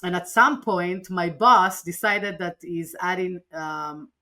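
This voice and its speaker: Speaking slowly in a fairly low voice, this woman shares a personal story as a podcast interview guest. She's earnest and animated, and she often starts her sentences over.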